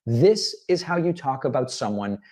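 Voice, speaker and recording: A man's voice: medium pitch, expressive, normal speed, a little mellow. Man giving analytical political commentary. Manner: analytical, stumbles into laughter. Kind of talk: commentary over played clips.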